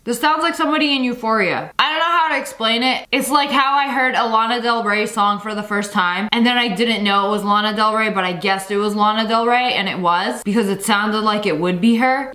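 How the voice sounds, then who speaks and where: A woman's voice: on the high side, roomy sound. A young woman doing slangy, joking commentary as she reacts to funny clips. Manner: animated, joking, slangy with frequent laughs. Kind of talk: casual comedic commentary.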